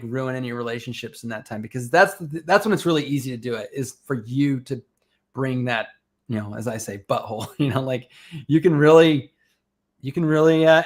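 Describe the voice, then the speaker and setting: A middle-aged man chatting as a podcast guest, telling lively stories and laughing often. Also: fairly high pitch. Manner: animated storytelling, laughs often. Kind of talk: casual chat.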